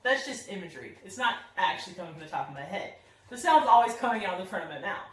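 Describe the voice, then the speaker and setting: A woman's voice: mid-range voice, animated, quick pace. A young woman voice teacher explaining singing technique in an upbeat, friendly teaching tone. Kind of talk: singing lesson demonstration. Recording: roomy echo, somewhat far from the mic.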